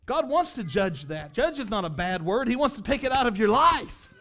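A male preacher giving a fiery sermon, asking the congregation questions and building to impassioned shouts. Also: very animated, moderate pace. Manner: high-pitched, emphatic, sweeps between quiet and loud.

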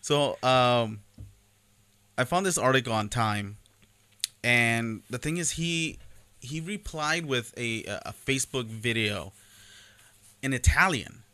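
A man's voice: medium pitch, lively intonation, slow pace, pauses often, pushed and bright, clean tone. A man co-hosting a podcast in casual chat, playful and laughing, often stumbling and repeating words. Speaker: podcast co-host.

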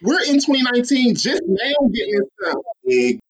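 Man, animated storyteller, swooping lively pitch, slangy and quick to laugh. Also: a loud crowd. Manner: excitable, acts out quotes with big pitch jumps. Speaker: guest, superfan. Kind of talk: animated storytelling in casual chat.

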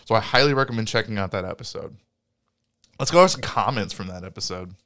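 A man's voice: fairly low pitch, fast talker, bright, forceful tone. A man co-hosting a podcast, chatting casually and rambling with lots of fillers and restarts. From Indiana, US. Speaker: podcast co-host. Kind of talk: casual chat, reading listener comments.

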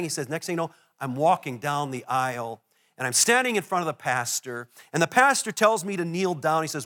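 A male pastor preaching a sermon to a congregation, telling a story with animated, self-deprecating asides. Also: high-pitched, fairly quick. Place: church before a congregation.

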